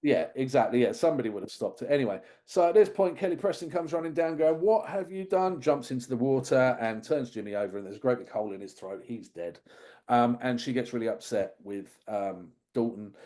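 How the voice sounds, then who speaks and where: A man's voice: mid-range voice, animated, fairly quick, mellow. A man chatting casually on a podcast, retelling a film with amused, rambling asides. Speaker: podcast co-host. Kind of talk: casual film review chat.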